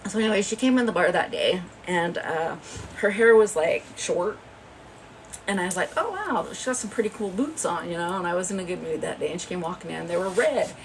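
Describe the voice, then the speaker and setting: This livestream host has a fairly low voice and talks a little fast, captured on a phone from a distance with a little hiss or hum and low-quality sound. Her gossipy story wanders, and she's chatty and laughs often.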